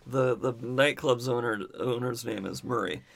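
A man's voice: mid-range voice, normal speed, vocal fry, a bit bright. A man in a casual movie review chat, adding short, dry corrections and details. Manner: dry interjections, supplies names and corrections.

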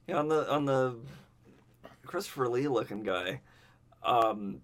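A man chimes into a movie chat with short, disbelieving reactions. His pitch swings widely as he responds. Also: lively intonation, measured pace. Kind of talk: casual movie review chat.

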